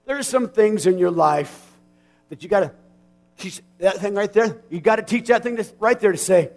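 A man in his forties preaches in a high, lifted voice. He talks in a plain, folksy way. He sinks to a near hush, then climbs to passionate shouts. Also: normal speed, vocal fry. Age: 40s. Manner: swings from quiet and intimate to shouting with passion. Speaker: pastor. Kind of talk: sermon.

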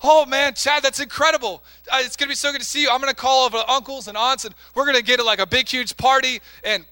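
A man's voice: sits high, fairly quick. A preacher putting on an eager, doting mother. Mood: excited. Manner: excited and fussing, then hesitant.

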